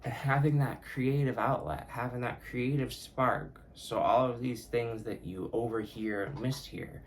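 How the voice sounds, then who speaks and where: A man hosts his own podcast solo, talking casually in a rambling, profane way and often correcting himself. His voice is medium-pitched and measured in pace, with a little hiss or hum in the recording.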